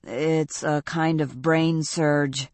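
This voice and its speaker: A woman doing a soft, slow honest teen boy. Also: deep voice, steady tone, no room sound. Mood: earnest. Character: calm teenage boy, quiet and painfully honest.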